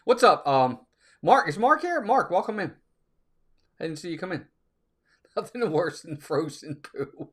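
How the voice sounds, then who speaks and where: A man's voice: a little high, big pitch swings, takes it slowly, long pauses, husky. A man hosting a casual live stream, upbeat, laughing often and greeting viewers by name. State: out of breath.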